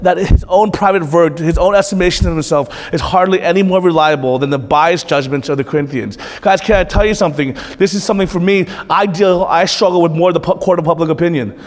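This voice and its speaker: A pastor giving a conversational sermon, moving between lively asides and quiet, intense passages. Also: male voice, sits high, quick pace, hardly any pauses. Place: church hall. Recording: long reverb of a hall.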